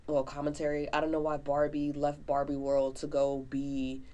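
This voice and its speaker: Woman co-host, slightly low voice; casual, animated movie-review chatter. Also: moderate pace, highs cut off. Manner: chatty, animated, lots of fillers. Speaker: podcast co-host.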